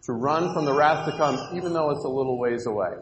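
A man's voice: medium pitch, fast, a little hiss or hum. A man teaching an interactive Bible lesson to children in a church hall, upbeat and coaxing, directing the kids with questions. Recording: echoey hall with long reverb.

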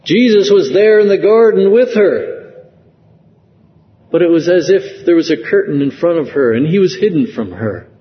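A man preaching a sermon slowly and earnestly, rising into emotional emphasis at key phrases. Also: sits high, animated. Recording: dull lo-fi sound with long hall reverb.

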